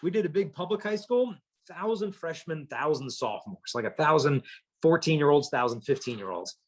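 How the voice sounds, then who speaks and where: A man with a somewhat high, husky voice gives a lively conference talk to teens. He tells punchy, humorous stories and acts out each person in them. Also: normal speed. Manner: lively storyteller acting out quotes. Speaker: chastity speaker.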